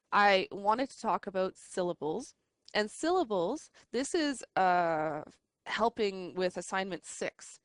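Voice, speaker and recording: A woman's voice: lowish voice, a bit bright, smooth, dry recording. A woman teaching an adult English class, explaining step by step in a patient way with frequent ums and restarts. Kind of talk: recorded online class lesson. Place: classroom with online students.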